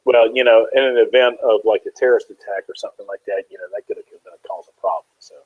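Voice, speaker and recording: A man's voice: on the low side, fairly even intonation, fast talker, slightly rough, no echo, narrow, tinny audio. A man guest in a casual interview, telling easygoing, joking stories.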